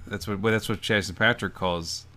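A man in casual comedic chat, rambling through animated comic stories. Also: fairly low pitch, normal speed. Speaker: podcast co-host.

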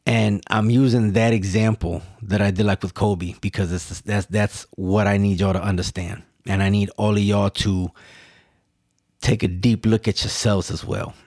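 A man's voice: fairly low pitch, level tone, moderate pace, darkish tone, no room sound, clean studio sound. A man hosting a solo podcast, talking earnestly and emphatically to his listeners, with restarts and repeated words. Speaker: podcast host. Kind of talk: solo reflective monologue.

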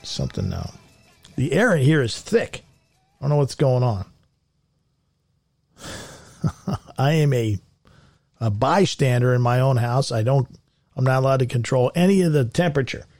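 A man's voice: mid-range voice, expressive, measured pace, long pauses, a little mellow, dry recording, faint music behind. A man hosting a show, reading news stories and riffing on them sarcastically, laughing often at his own jokes. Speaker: radio show host. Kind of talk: comedic news commentary.

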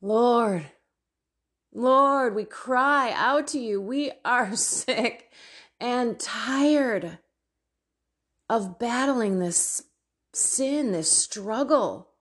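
Slow, breathy woman praying fervently. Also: a little high, fairly bright tone. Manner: earnest, fervent pleading. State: tearful. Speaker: faith podcast host. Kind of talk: spoken prayer and exhortation.

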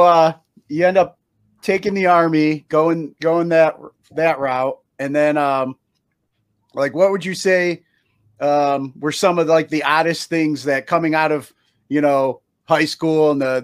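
A man's voice: on the high side, clear, resonant tone. A man hosting a podcast, asking rambling questions and joking in casual chat. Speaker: podcast host.

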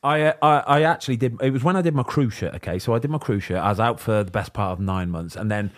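Quick-talking English man telling a story. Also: on the low side. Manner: animated storyteller, acts out quotes, laughs a lot. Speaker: podcast host, former goalkeeper. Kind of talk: casual storytelling chat.

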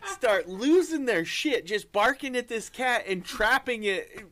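Profane animated man telling stories. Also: very high-pitched, measured pace, a crowd in the background. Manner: profane, animated storyteller acting out quotes. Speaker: podcast co-host. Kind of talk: casual chat.

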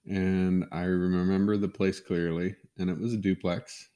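A middle-aged man with a deep, low voice talks casually on a podcast. He tells stories in an easygoing way and laughs along as he goes. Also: little pitch movement, unhurried, warm tone. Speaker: podcast co-host. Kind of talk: casual chat.

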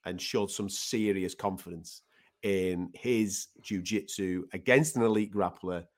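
A man co-hosting a sports podcast in casual chat. He is animated and swears casually. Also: deep voice, a little slow. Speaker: podcast co-host.

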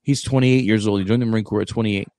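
A man's voice: lowish voice, fast, dry recording. A young adult man, a Marine staff sergeant, telling a story in casual chat, acting out the quoted lines and restarting his sentences. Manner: animated storyteller, acts out quoted dialogue, stumbles and restarts.

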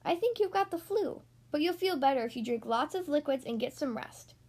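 A woman voicing a caring mother who is a doctor, warm and reassuring, in a storybook reading. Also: high-pitched, lively intonation, a little fast.

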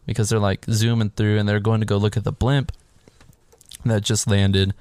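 A man's voice: fairly low pitch, little pitch movement, normal speed, darkish tone, no echo. A man casually retelling a film's plot as a podcast co-host, swearing freely and acting out his own reactions. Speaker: podcast co-host recapping a film. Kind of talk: casual chat.

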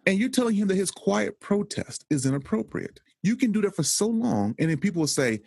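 A man argues his point in a conversation, stacking short repeated phrases for emphasis. His voice is husky and swings widely in pitch. The sound is dry and close. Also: very animated, a little fast, darkish tone, dry recording. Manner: emphatic, rhetorical, building repetition. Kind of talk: conversational commentary.

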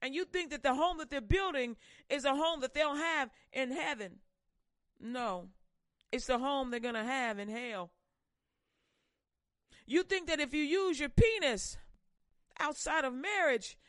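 Woman preacher, fiery sermon, intense, loud then hushed, high pitch. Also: animated, measured pace, no room sound. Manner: intense, swings between loud pushes and hushed warnings.

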